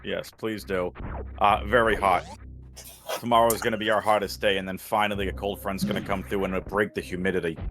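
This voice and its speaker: A man's voice: lowish voice, little pitch movement, fairly quick, music in the background. A man from New England doing casual live commentary on a speedrun race, chatty and joking, laughing often. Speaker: game commentator.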